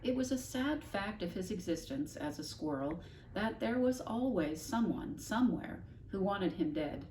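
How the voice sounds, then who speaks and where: A woman teacher reading a children's novel aloud to her class, expressive and stopping to explain words. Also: mid-range voice, moderate pace, hardly any pauses, a little hiss or hum. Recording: echoey room, mic at a distance, faint ambience.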